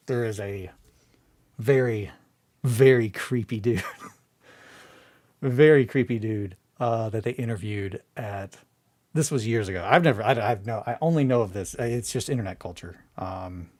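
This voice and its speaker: A man hosting a hobby video, talking in a casual, rambling way, swearing freely and trying to calm down from a bad mood. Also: lowish voice. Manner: excitable, rambling, swears freely, restarts often.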